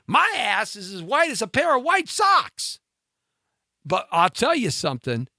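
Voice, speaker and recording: A talk-show host man delivers a comic rant, his voice swooping up and down in mockery. He sounds high and bright, with a sharp edge. The recording is close and dry. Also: a little slow, dry recording. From mixed Latin and Scottish-Irish heritage. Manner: animated, ranting, mocking with sudden pitch jumps. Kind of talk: comedic monologue rant.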